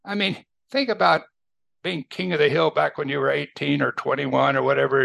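Speaking a little quickly and with fairly level intonation, an older man runs a conversational Bible study and keeps seeking his listeners' agreement. His voice is gravelly yet bright, a touch higher than most men's, captured close-up and dry with no room sound.

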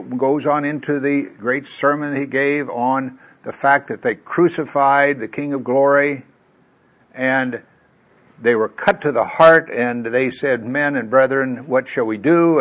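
A man preaching a conversational sermon, lively, with folksy asides and filler words, acting out the quoted voices in his stories. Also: medium pitch. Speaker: pastor.

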